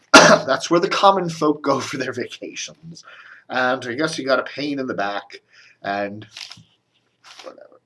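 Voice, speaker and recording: A man's voice: medium pitch, measured pace, pauses often, bright, forceful tone. A man giving a casual, rambling media commentary, grumbling and sarcastic, with coughs and restarts. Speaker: media blogger doing a video commentary.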